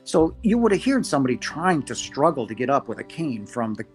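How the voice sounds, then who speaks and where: A man, a podcast guest, earnestly recounting a personal encounter, halting with restarts and quoting himself as he goes. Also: medium pitch, big pitch swings, a little mellow, faint music behind. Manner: earnest, halting, many restarts and quoted asides. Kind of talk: first-person storytelling.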